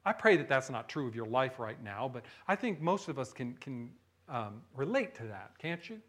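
A man preaching a sermon, animated, swinging from hushed low lines to loud high bursts and often asking the listeners "right?". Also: normal speed. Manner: asks the audience questions, frequent "right?". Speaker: pastor.

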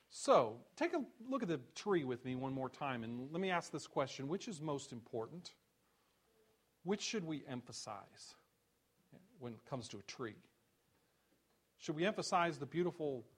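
A male pastor delivers a sermon that builds to loud, rising rhetorical questions. On key phrases he drops his voice low and soft.

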